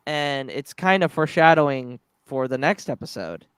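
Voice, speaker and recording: A man hosting a podcast, chatting casually and excitedly, with many fillers and restarts. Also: on the high side, moderate pace, smooth, dry recording. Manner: excited, retells scenes with filler-heavy restarts. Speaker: podcast host. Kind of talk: casual chat.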